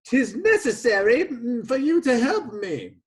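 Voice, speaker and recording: A man voicing a desperate male Roman helper in a high falsetto with an old-fashioned put-on accent. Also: takes it slowly, dark tone, natural voice.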